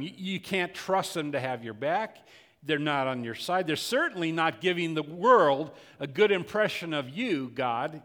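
Impassioned preacher in a reverberant hall. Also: male voice, on the high side, lively intonation, normal speed, fairly bright tone. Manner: preaching with rising intensity and frequent repetitions. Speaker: pastor. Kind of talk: sermon.

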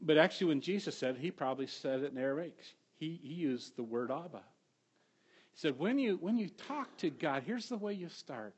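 A middle-aged male pastor preaching a sermon, telling stories with animated swings from hushed to loud. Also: fairly high pitch, fairly quick, husky, lo-fi sound.

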